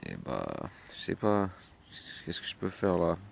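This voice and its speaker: Low-voiced French man, halting vlog. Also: wildly swooping pitch, creaky, a little hiss or hum. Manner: halting, many fillers, switching between English and French. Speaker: vlogger. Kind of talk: casual video diary.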